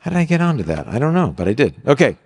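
An older man preaching on marriage, animated, acting out quoted lines with bursts of loud exclamation. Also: medium pitch, racing, husky. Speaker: speaker on marriage. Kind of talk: sermon. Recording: long hall reverb.

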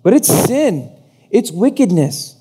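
A male pastor preaching a sermon in an animated way, acting out the voices he quotes. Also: high voice, slow pace, husky.

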